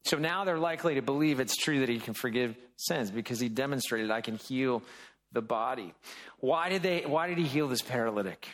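A man preaching a sermon to his congregation in a conversational, animated way, with frequent restarts. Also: mid-range voice, a little fast. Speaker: pastor.

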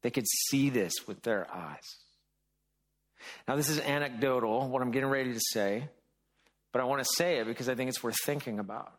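A man preaching a sermon to his congregation in a conversational, animated way, with frequent restarts. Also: medium pitch, normal speed. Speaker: pastor.

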